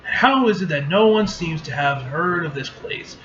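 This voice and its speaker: A man's voice: on the high side, animated, moderate pace, fairly bright tone, muffled recording, slight background noise. A man voicing a tired, sulky teenage girl superhero as he reads a comic aloud. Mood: weary. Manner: reading comic lines aloud.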